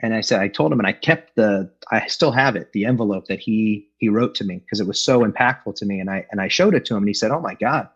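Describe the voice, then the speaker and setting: This fairly low, breathy voice belongs to a fast-talking middle-aged man from Los Angeles who barely pauses. Over dull, lo-fi video-call audio, he tells his recovery story at an online meeting with candor, self-deprecation, and frequent fillers.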